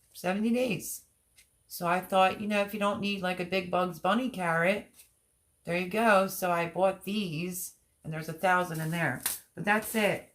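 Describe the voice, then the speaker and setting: A woman with a fairly low voice hosts a relaxed live stream. She chats and rambles, holds up seed packets while she talks, and reads viewer comments aloud to answer them. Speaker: gardening channel host. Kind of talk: casual live-stream chat.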